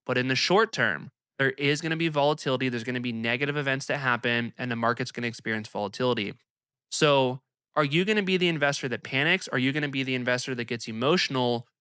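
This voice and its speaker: A young man hosts an investing channel and talks energetically and emphatically to camera. His voice is bright and crisp. It sounds close and dry. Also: mid-range voice, quick pace, no room sound. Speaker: investing video host. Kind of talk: casual commentary to camera.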